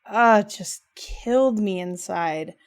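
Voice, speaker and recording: A woman's voice: mid-range voice, slow. A young adult woman co-hosting a podcast, casually and emotionally recapping a video game with lots of filler words. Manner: gushing, emotional, lots of "like" and "rad". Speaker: podcast co-host.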